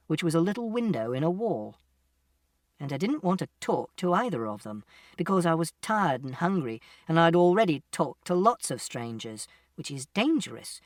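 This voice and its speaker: Man narrating with a lively, varied pitch. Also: dry recording. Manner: plain, literal, step-by-step telling. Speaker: audiobook narrator. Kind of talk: first-person audiobook narration. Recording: distant mic, dry sound.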